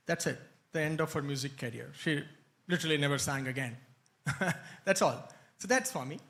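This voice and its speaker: A man telling an anecdote at a spiritual retreat, animated and laughing often. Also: fairly high pitch, moderate pace, pauses often. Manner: animated storytelling, frequent laughs. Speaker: retreat speaker. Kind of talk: anecdotal talk. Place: hall, live-streamed.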